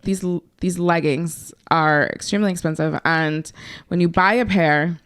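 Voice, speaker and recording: A woman's voice: lowish voice, a little slow, fairly bright tone, clean tone. A woman co-hosting a podcast, talking in a blunt, laid-back way and swearing casually. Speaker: podcast co-host. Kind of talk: casual chat.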